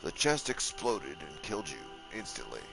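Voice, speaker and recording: A man's voice: deep voice, very animated, normal speed, gravelly, over music, rough recording. A man giving casual gaming commentary, joking, swearing and mocking himself as he plays. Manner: profane, joking and self-mocking. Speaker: let's play gamer.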